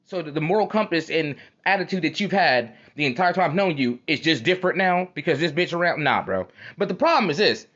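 A man's voice: fairly high pitch, animated, fairly quick, few pauses, a bit bright. A man hosting a podcast, talking in a heated, profane casual monologue and repeating his phrases for emphasis. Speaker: podcast host. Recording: dull lo-fi recording.

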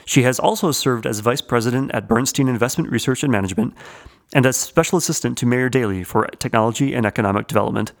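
A man's voice: mid-range voice, fast, vocal fry. A man, co-hosting a podcast and reading an earnest, inspirational intro. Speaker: podcast co-host.

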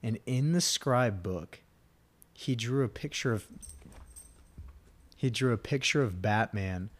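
A man's voice: mid-range voice, slow. A young man from Texas, co-hosting a podcast, telling stories casually and acting out the people in them. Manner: animated storyteller, acts out drill instructors loudly, laughs often. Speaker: podcast co-host. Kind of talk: casual storytelling chat.

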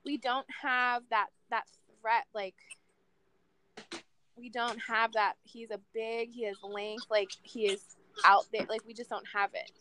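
A woman in her late twenties chatting about football on a casual podcast. Her voice sits a little high, and she is loose, candid and quick to swear. The talk is unscripted and frank. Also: a little hiss or hum. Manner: candid, swears freely, animated sports fan talk.

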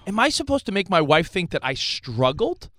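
Animated, high-voiced man on a talk show. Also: moderate pace, no room sound, clean studio sound. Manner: animated, defensive, stammering restarts. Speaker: radio show co-host. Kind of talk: casual talk show chat.

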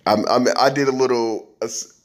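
A man's voice: mid-range voice, fairly even intonation, normal speed. A man hosting a podcast, talking alone in a loose, rambling way with frequent restarts. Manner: rambling, conversational, with many restarts and fillers. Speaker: podcast host. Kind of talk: casual monologue.

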